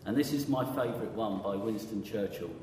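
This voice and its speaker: Chatty preacher in echoey hall. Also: male voice, on the low side, fairly quick, mellow, a little hiss or hum. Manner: chatty, quizzes the audience with questions. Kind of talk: conversational sermon. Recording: echoey hall with long reverb.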